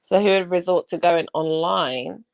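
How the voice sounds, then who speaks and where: A woman from England with a South London accent chats bluntly and profanely on a casual live stream, mimicking other people as she talks. Her voice is lowish, gravelly and darkish, at a measured pace.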